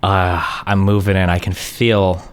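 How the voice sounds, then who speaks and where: A man in his thirties hosts a live stream, his voice rising and falling in lively swings as he reacts to clips. He is blunt, sarcastic and swears freely. When he explains something, he walks through it point by point and checks in with the audience. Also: mid-range voice, brisk, slight background noise. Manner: explains step by step, checking in with "okay?". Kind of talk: casual live-stream commentary.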